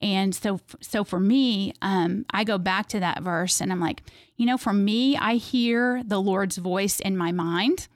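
A woman's voice: medium pitch, measured pace, no room sound, studio quality. A woman speaking earnestly as an interview guest, thinking aloud with many fillers. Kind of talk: casual faith conversation.

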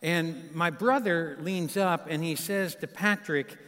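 A guest pastor in his fifties preaches to a congregation in a large church sanctuary, spinning a folksy story with warm asides to the audience. His voice is a little high and slow, and the live recording carries the reverb of the church hall.

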